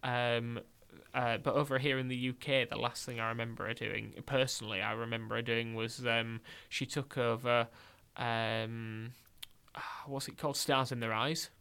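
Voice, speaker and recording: Young northern english guy on the radio, bright tense voice, chatty, keeps restarting. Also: medium pitch, moderate pace, gravelly, clean tone. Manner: chatty, restarts a lot, excitable. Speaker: radio host. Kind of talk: casual radio chat.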